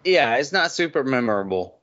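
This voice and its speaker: A man hosting a casual movie podcast, reading out film facts slowly and swearing offhandedly. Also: mid-range voice, sing-song, fairly bright tone, lo-fi sound. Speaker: podcast host.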